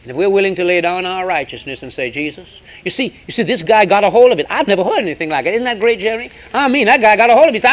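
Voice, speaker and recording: Man, preacher, high-pitched voice, emphatic sermon delivery, loud then quiet. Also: lively intonation, very fast, few pauses, poor audio. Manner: emphatic, swings between loud and hushed.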